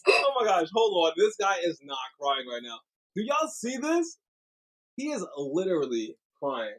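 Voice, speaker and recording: Man, high and very lively voice, teasing, excitable, casual video chat. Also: a little slow, low-quality recording. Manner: excitable and teasing, breaks into squealing laughter and loud exclamations. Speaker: co-host.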